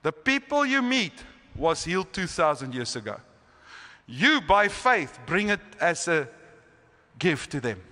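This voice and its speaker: A man's voice: a little high, sing-song, unhurried, bright, forceful tone. A man teaching at a healing school, preaching earnestly and emphatically with frequent restarts. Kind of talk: sermon teaching. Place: church sanctuary. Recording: church hall reverb.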